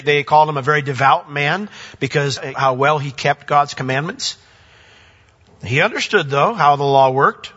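A bright-voiced man preaching a sermon, leaping up to emphatic high points and then dropping to soft, low asides. His voice rings out with a long hall reverb, heard through a dull, lo-fi recording. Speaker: pastor.

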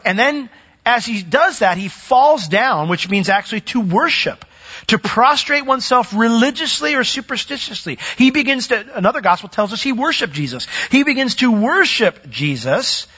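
A man preaching a sermon, animated, with sudden loud swells and soft drops as he retells the story. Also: very high voice, moderate pace, husky, muffled recording.

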